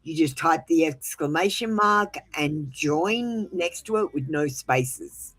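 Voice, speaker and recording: A woman's voice: low-pitched, lively intonation, slow, a bit bright, poor audio. A woman hosting a live tarot stream, chatting casually and bluntly with viewers as she manages the chat queue, then reassuring them when they feel ignored.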